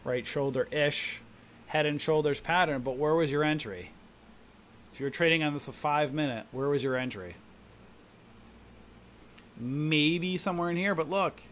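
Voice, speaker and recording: This trading room host's voice is on the high side at normal speed, broken by long pauses, with slight background noise. In his live stream market commentary he explains charts and animatedly mimics panicking newcomers.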